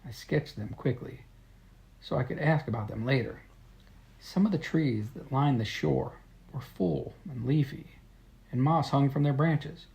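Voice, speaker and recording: A man's voice: mid-range voice, unhurried, vocal fry, a little mellow, slightly rough. A man reading a children's story told in letters, in plain, friendly storytelling. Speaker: storybook reader.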